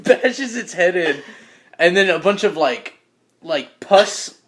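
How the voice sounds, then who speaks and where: A man's voice: sits high, slow, a bit bright. A man running a tabletop game as game master, narrating loosely with lots of laughter, fillers and swearing.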